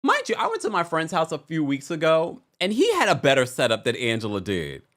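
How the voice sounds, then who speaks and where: A man's voice: on the high side, a little fast. A man hosting a casual reality TV recap, reading viewer comments aloud with sassy, playful asides. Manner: animated, sassy, reads chat comments aloud. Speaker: recap channel host.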